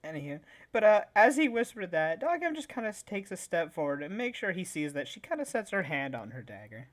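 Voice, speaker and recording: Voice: medium pitch, very animated, brisk. A player at a tabletop game, chatting casually and easily set laughing.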